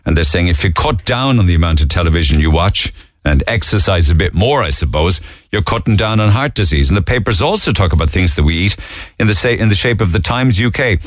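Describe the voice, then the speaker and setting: Chatty low-voiced Cork radio host. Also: male voice, big pitch swings, fairly quick, no echo, clean studio sound. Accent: Cork Irish. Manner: chatty, conversational, asides to listeners. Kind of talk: morning radio chat, reviewing the papers.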